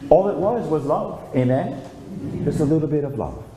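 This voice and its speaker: A man's voice: fairly high pitch, animated, normal speed, background noise. An older man, a priest, preaching a storytelling sermon and calling out for amens. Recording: echoey room with faint ambience.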